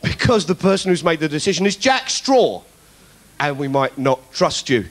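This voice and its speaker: A man's voice: a little high, sing-song, moderate pace, a little hiss or hum. A man doing stand-up political comedy, ranting in mock indignation with plenty of swearing. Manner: acts out other people's voices.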